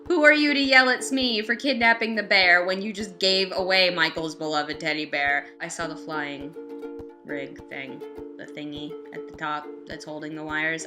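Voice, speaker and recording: A woman's voice: mid-range voice, bright, forceful tone. A woman giving a casual review vlog, chatty and talking back to the characters with mock scolding. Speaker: vlogger reviewing a TV musical.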